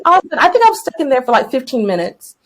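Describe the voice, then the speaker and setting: A young woman teacher co-hosting a podcast, telling a story in casual chat and acting out her own yelling and thoughts. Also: sits high, very animated, very fast. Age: young adult.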